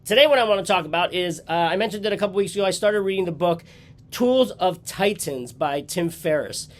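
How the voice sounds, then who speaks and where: A man's voice: high voice, lively intonation, a little fast. A man hosting a casual vlog from his home office, with a nasal, congested voice from a cold and an upbeat, rambling way of talking. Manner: upbeat, rambling with fillers and restarts. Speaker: host. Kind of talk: casual vlog talk to camera.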